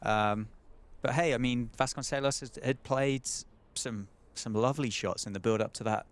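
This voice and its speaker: A man's voice: mid-range voice, normal speed. A man giving live ball-by-ball cricket commentary, chatty and often asking his co-commentator questions. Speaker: play-by-play commentator.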